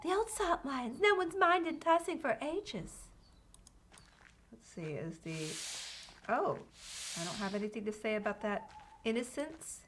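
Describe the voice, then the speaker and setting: A woman's voice: fairly high pitch, lively intonation, unhurried, long pauses, a bit bright, slight background noise. A woman streaming a video game, chatting casually with viewers and reading game dialogue aloud. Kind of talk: casual live-stream chat.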